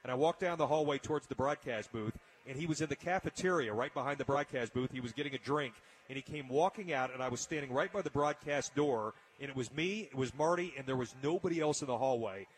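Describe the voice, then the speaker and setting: A man's voice: medium pitch, quick pace, hardly any pauses. A man hosting a casual radio talk show, telling an emotional story with frequent restarts. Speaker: radio host.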